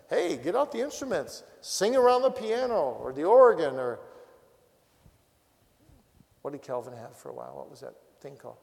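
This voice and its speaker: A man's voice: on the high side, gravelly, darkish tone. A man, a pastor, giving a teaching talk on family prayer with direct, practical exhortations. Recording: long hall reverb.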